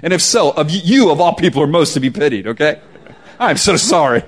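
A male pastor delivering a sermon in a relaxed, conversational way, with casual slang. His voice sits fairly high and moves a great deal, dropping to near whispers before rising again for emphasis. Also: a little fast. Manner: animated, swings from hushed to loud emphasis.

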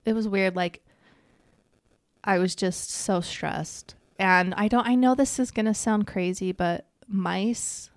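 A woman's voice: medium pitch, fairly even intonation, slow pace, dry recording, clean studio sound. A middle-aged woman co-hosting a podcast, telling personal stories in a casual, emotional, rambling way. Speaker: podcast co-host. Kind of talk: casual chat.

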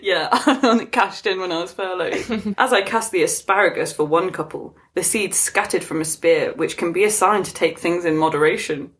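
A woman's voice: lowish voice, moderate pace, few pauses. A woman co-hosting a chat show, reading an article aloud and often breaking into laughter. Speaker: podcast co-host.

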